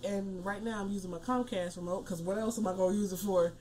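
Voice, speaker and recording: A woman's voice: mid-range voice, steady tone, fast talker, darkish tone, a little hiss or hum. A woman co-hosting a podcast from home on a desk mic, chatting casually and laughing often as she teases her co-host. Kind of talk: casual chat. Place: home room. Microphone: desk mic on a stand with headphones.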